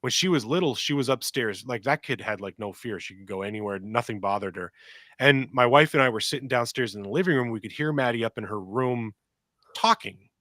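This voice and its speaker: A middle-aged podcast co-host tells long, rambling stories in a casual chat, animatedly acting out voices, quotes and sounds. His voice is medium-pitched and fairly quick, recorded cleanly in a studio with no echo.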